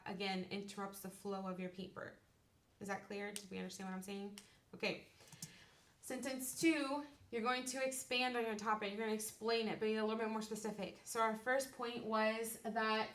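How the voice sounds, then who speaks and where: A woman's voice: mid-range voice, a bit bright. A woman teacher giving a classroom lecture. She explains step by step and keeps checking that the class understands. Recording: roomy, distant classroom recording.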